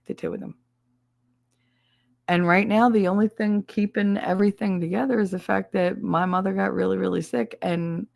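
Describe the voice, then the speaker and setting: A woman's voice: mid-range voice, creaky. A middle-aged woman with a thick regional American accent, chatting bluntly and confidingly on a casual livestream, swearing freely. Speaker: streamer.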